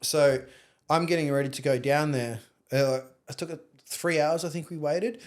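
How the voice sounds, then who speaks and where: A man's voice: a little high, normal speed. A young Australian man, a podcast guest, telling a long personal story in a candid, rambling way with plenty of swearing. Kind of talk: casual storytelling interview.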